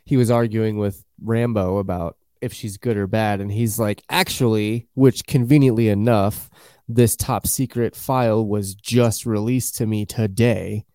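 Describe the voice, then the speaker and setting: A man's voice: lowish voice, steady tone, measured pace, few pauses, mellow, clean tone, dry recording, studio quality. A man chatting casually as a podcast host, rambling and acting out quotes in jokey voices. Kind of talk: casual chat.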